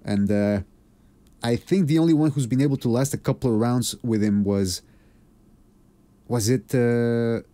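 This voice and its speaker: A man's voice: mid-range voice, measured pace, long pauses, warm tone. A man hosting a live podcast in casual chat, laid-back and rambling with plenty of fillers. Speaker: podcast host.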